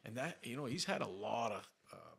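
Gravelly, husky-voiced male podcast host. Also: mid-range voice, a little fast. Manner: swears freely, animated anecdotes. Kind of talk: casual storytelling chat.

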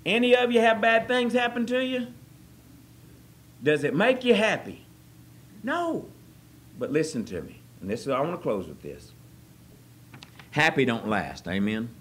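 Folksy preacher man, soft to loud. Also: on the high side, moderate pace, long pauses. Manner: folksy, joking, swings from soft to loud excited. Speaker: pastor. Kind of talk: sermon. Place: church service.

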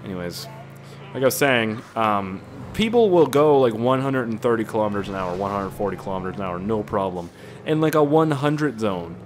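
Excitable man rambling over gameplay. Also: on the low side, brisk, slight background noise. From Canada. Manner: excitable, rambling, swears often. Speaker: gaming YouTuber. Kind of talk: casual gameplay commentary.

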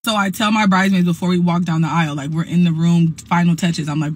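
A woman's voice: lowish voice, steady tone, fast, slightly rough. A young adult woman telling a heated storytime, blunt, profane and emphatic. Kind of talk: casual storytime monologue.

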